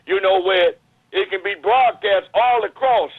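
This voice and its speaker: A man calls in to the show over a thin, tinny phone line. His voice sits high, and he preaches his views in an urgent, emphatic way. The sound is dry and close. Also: measured pace, no echo. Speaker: caller. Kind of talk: impassioned call-in commentary.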